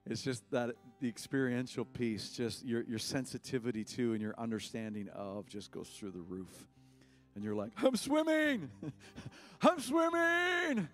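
A man preaching a sermon as pastor in a church, impassioned, swinging between loud cries and hushed words. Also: fairly low pitch, steady tone, normal speed, faint music behind.

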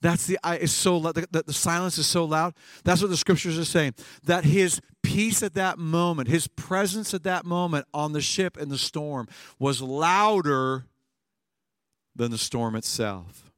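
A male pastor preaching a sermon, swinging between hushed lines and emphatic bursts. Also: on the high side, steady tone, normal speed, no room sound, studio quality.

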